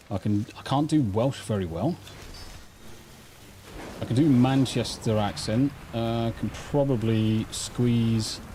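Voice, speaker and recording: Live-streaming a game, a middle-aged man with an English accent rambles casually and swears freely, poking fun at himself. His voice is mid-range with a dark tone, picked up by a studio mic through a mixing console, with slight background noise.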